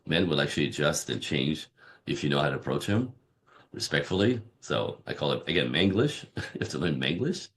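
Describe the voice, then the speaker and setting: This podcast guest, a relationship coach, has an extremely low voice and talks a little fast. He stays emphatic and lively, repeating "right?" often and imitating quoted clients in an interview setting.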